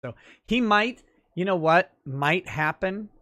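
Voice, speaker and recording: A man's voice: high voice, expressive, slow, pushed and bright, no room sound. A man hosting a livestream, explaining legal matters in a casual, thinking-aloud way with fillers. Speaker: livestream talk show host and lawyer.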